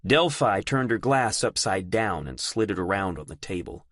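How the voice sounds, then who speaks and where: A man's voice: lowish voice, lively intonation, fairly bright tone, dry recording. Male audiobook narrator, dry close sound. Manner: measured storytelling. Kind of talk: scripted narration.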